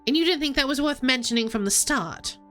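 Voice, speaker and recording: A woman's voice: high voice, expressive, brisk, fairly bright tone, faint music behind. A woman voicing a proud male bird lawyer who speaks in a theatrical, indignant way. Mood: pompous.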